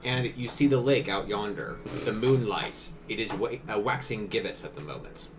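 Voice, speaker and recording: A man's voice: on the low side, animated, moderate pace, background noise. A man running a tabletop game as game master, narrating scenes in a laid-back, jokey way.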